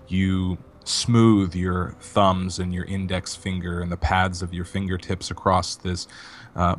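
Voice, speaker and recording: A man's voice: deep voice, slight background noise. A man narrating as game master in a tabletop game, with a descriptive, sensual style.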